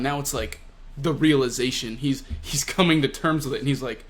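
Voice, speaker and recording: A man giving casual, excitable commentary on a comic chapter. He laughs often and fills his talk with "like.". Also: mid-range voice, moderate pace. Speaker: manga reviewer.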